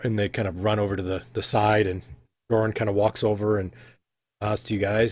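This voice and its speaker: A man's voice: fairly low pitch, little pitch movement, a little fast, a little mellow. Laid-back man running a tabletop game. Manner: loose, full of fillers and hedging "kinda". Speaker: game master.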